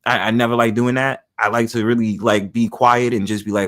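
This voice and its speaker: A man's voice: medium pitch, level tone, brisk, fairly bright tone. A man hosting a livestream, talking in a blunt, opinionated way and swearing freely. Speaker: livestream host. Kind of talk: casual livestream talk.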